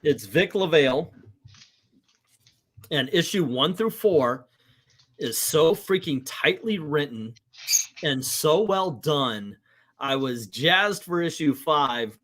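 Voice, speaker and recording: Man, middle-aged, comic book host, casual livestream chat, slightly high voice, very lively pitch. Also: slow, long pauses. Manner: animated, acts out quotes in voices.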